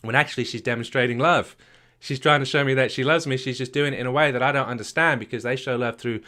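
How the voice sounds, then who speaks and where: A UK marriage coach teaches a live session, speaking emphatically with rhetorical questions and many repeated words. His voice is medium-pitched, quick, bright and forceful.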